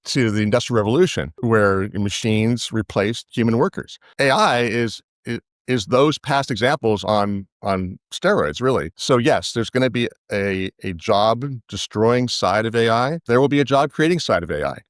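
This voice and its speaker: A man's voice: on the low side, expressive, normal speed, hardly any pauses, no echo, clean studio sound. A man giving interview answers as an investment analyst, thoughtful, often restarting his phrases. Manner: thoughtful, with frequent restarts and repetitions.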